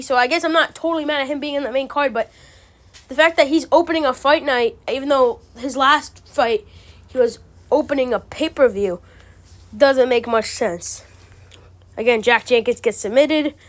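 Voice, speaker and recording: A woman giving casual, ranting commentary, exasperated and profane, full of slang. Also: sits high. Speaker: MMA commentary channel host.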